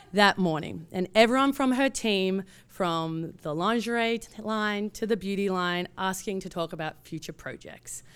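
An Australian woman in her thirties, a producer, telling a personal story in an animated way and acting out the voices of the people in it. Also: medium pitch, clear, resonant tone.

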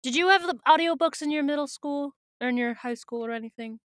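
A woman's voice: sits high, fast talker, dry recording, studio quality. A young adult woman co-hosting a podcast, chatting casually and laughing as she recaps a book and acts out its lines. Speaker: podcast co-host. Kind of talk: casual book chat, summarizing and reading aloud.

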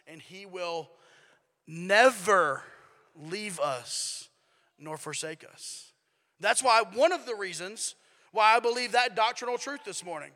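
A man pastor preaching a sermon in a church, emphatic and dropping to a hush at times. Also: high voice, long reverb tail. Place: church sanctuary.

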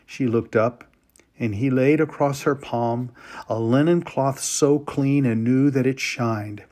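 A man reads a story aloud with slow, emotional weight and long pauses. His voice sits at an ordinary middle pitch. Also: a little mellow. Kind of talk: dramatic story reading.

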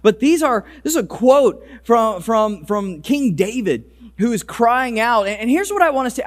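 High-pitched guy preaching, fired up, keeps repeating words as he gets going. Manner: animated preaching, repeats words when starting a sentence. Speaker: pastor. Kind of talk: sermon. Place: church service, also streamed.

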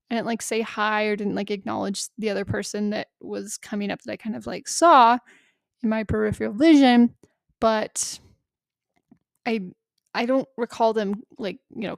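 A woman's voice: mid-range voice, vocal fry, no echo, studio quality. A woman hosting a solo coaching podcast, talking casually and self-deprecatingly with frequent laughs and fillers.

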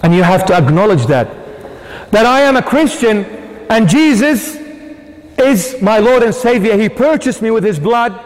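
A bishop delivering an impassioned sermon in a church, emphatic and swinging between loud and hushed. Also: male voice, high voice, lively intonation, normal speed. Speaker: bishop preaching. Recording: long hall reverb.

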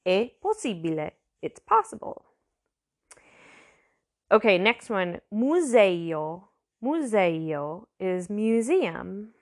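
A woman giving a casual language lesson, chatty, sounding out words slowly and repeating them. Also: medium pitch, very animated. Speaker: language teacher.

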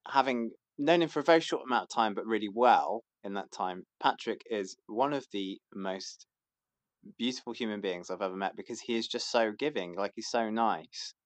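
A man's voice: on the low side, normal speed, dry recording. Hesitant man on a podcast. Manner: hesitant and rambling, many fillers and restarts. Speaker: podcast guest. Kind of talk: casual chat.

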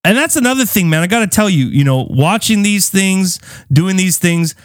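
Young podcast host guy, swears a lot, voice jumps all over, kinda high. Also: normal speed, dry recording, studio quality. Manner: animated and joking, swears freely. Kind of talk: casual chat.

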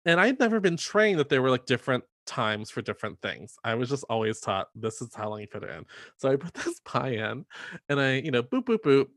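A man's voice: medium pitch, sing-song, brisk, fairly bright tone, no echo, clean studio sound. Chatty young man telling a story. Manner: chatty, full of "like" and acted-out quotes. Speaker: podcast co-host telling a story. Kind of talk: casual storytelling chat.

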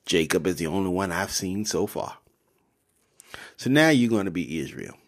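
Animated man retelling Bible stories. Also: sits low, moderate pace. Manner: animated, slangy, laughs at his own jokes. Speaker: podcast host. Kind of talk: casual devotional Bible retelling.

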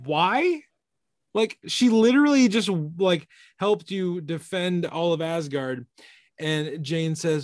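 A man casually discussing a comic book issue on a podcast, animated and laughing as he retells scenes. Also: high-pitched, slow pace, dry recording, studio quality. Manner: animated, mock-archaic quoting, laughing. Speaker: podcast co-host.

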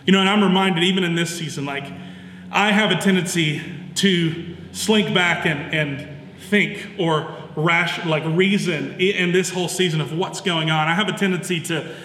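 A man preaching a sermon in a relaxed, chatty way, full of fillers and restarts. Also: fairly high pitch, moderate pace. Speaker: pastor. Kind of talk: conversational sermon. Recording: echoey hall with long reverb.

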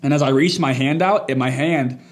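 A young man hosting a casual faith podcast, loud and quick to laugh, telling animated stories. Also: medium pitch. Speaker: podcast host. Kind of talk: casual chat.

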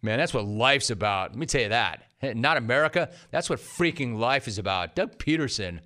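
A man's voice: medium pitch, animated, moderate pace, few pauses, pushed and bright. A man hosting a sports radio show, brash and punchy, repeating short phrases for effect. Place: radio studio.

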